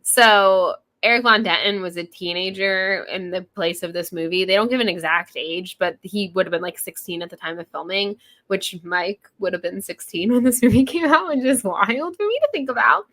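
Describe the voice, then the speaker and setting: A woman's voice: medium pitch, normal speed. A woman in her thirties co-hosting a podcast, chatting casually and acting out quotes with laughs. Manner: animated, laughing, acts out quotes. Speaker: podcast co-host. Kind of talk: casual chat.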